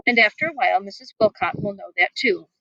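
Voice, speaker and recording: A woman voicing a kind, encouraging young schoolgirl in a read-aloud storybook, gentle and warm-hearted. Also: medium pitch, lively intonation, fast, vocal fry, dry recording, highs cut off, heavily acted.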